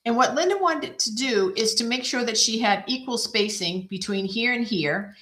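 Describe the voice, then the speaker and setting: A woman's voice: medium pitch, a bit bright. A woman hosting a casual card-making demonstration, chatting and thinking aloud as she works, poking fun at herself. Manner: chatty, self-deprecating, thinks aloud while working. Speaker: craft video host. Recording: echoey room.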